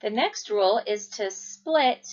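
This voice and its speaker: A woman teaching a children's phonics lesson, speaking clearly and drawing out each syllable. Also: medium pitch, lively intonation. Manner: slow, clear, stretching out syllables. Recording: dull lo-fi recording.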